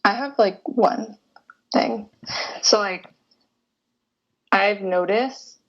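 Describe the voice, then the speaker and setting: A woman's voice: mid-range voice, very slow. A young woman from Boston chatting casually as a student panelist, full of filler words, over a video call. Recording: dull lo-fi call audio.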